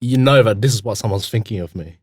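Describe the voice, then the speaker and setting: A young man co-hosting a podcast, chatting casually, animated and slangy, swearing freely. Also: lowish voice, fast talker, slightly rough, no echo, clean studio sound. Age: young adult. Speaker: podcast co-host. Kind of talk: casual chat.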